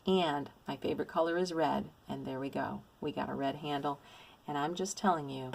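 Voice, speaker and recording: A middle-aged woman talks casually to her viewers about cross-stitch finds. Her voice sits a little low. She gushes and exclaims with plenty of enthusiasm. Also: moderate pace, gravelly. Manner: gushing, effusive, exclamatory. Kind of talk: casual show-and-tell haul.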